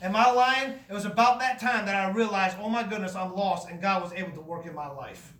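A man's voice: sits high, a little fast, fairly bright tone, echoey room, recorded from a distance. A man preaching a fervent, emphatic sermon in a church, telling his own testimony with repeated phrases.

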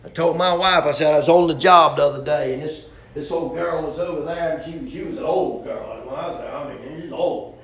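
Gravelly preacher, folksy and rhetorical. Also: male voice, a little high, a little fast, echoey room, crowd noise. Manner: folksy, rhetorical, storytelling with humor. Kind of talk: sermon.

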